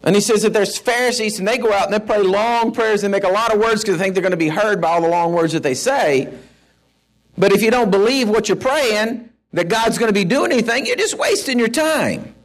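A middle-aged man preaching a sermon in a folksy, animated way, with asides to the congregation. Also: sits high, brisk. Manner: folksy, animated, with asides and shouted mock-rants. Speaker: pastor.

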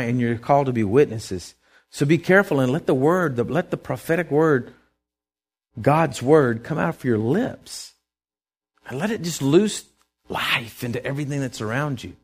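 A middle-aged male preacher giving a sermon, telling stories and swinging from quiet asides to loud, emphatic lines. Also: on the high side, lively intonation, normal speed.

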